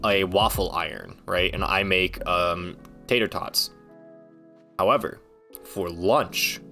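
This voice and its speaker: A man's voice: lowish voice, pushed and bright. A man streaming, ranting casually in a rambling, joking, foul-mouthed way. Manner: rambling, profane, joking rants.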